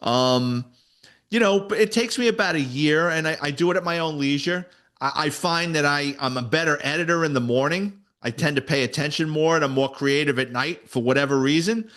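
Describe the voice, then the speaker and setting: A man, a retired detective and author, telling stories in a casual interview, animated and salty. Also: fairly high pitch. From New York City. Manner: animated storyteller, voices quoted people, swears casually.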